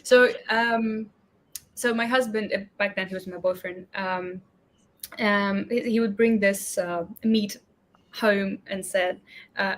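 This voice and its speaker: A woman's voice: medium pitch, steady tone, takes it slowly. Young woman guest, hesitant and giggly. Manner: hesitant, many fillers, laughs often. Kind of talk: casual podcast conversation.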